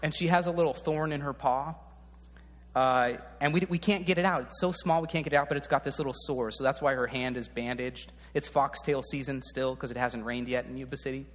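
A man preaching a sermon as a pastor, speaking in a relaxed, conversational way and often checking in with the audience. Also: medium pitch, fairly quick, big-room sound.

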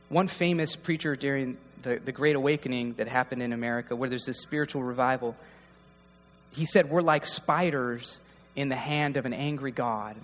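A man's voice: medium pitch, long reverb tail. A man preaching a heartfelt, conversational sermon to his congregation in a church. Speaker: pastor. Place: church hall.

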